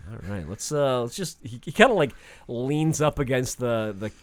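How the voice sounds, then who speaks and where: Animated man playing a tabletop game. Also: mid-range voice, normal speed, dry recording. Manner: rambling, hesitant. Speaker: player. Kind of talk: casual banter in a tabletop game.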